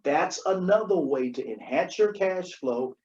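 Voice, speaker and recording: A man co-hosting a podcast, his voice on the higher side for a man. He explains money matters emphatically, repeating key points and checking in with the listener. The recording sounds dull and lo-fi. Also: expressive, a little slow, a little mellow. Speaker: podcast co-host. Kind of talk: conversational financial advice.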